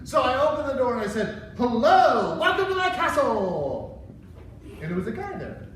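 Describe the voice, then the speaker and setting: A man's voice: very high voice, normal speed, exaggerated voice. A man playing a whiny childish king. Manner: whiny, excitable, exaggerated storytelling. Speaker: children's church presenter. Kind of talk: first-person Bible story skit for kids. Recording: echoey hall, far from mic, noisy.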